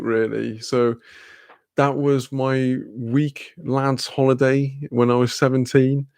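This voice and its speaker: A young man rambles through a story on a casual stream, swearing, laughing and acting out bits of dialogue. His voice has a gravelly fry to it and sits at an ordinary male pitch. The sound is dry and close, with no room around it. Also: darkish tone, no echo.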